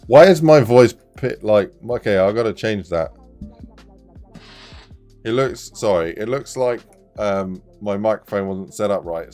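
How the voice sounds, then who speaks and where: A low-voiced man chats casually on a live stream while he builds a game level. He gets excited and laughs a lot, with the odd curse. Faint music plays behind him. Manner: excitable, swears, laughs often, bursts into shouts.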